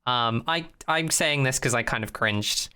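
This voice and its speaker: A podcast co-host chatting casually and rambling animatedly through an episode recap, acting out scenes as they go. The voice is bright and lively, with a smooth, clear tone. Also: mid-range voice, a little slow.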